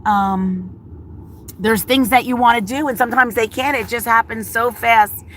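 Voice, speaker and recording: A middle-aged schoolteacher chats casually on a live stream from inside her car, reading viewer comments aloud. Her voice is a little high with fairly even intonation and a moderate pace, and she comes across warm and chatty, laughing often and using lots of fillers, with slight background noise.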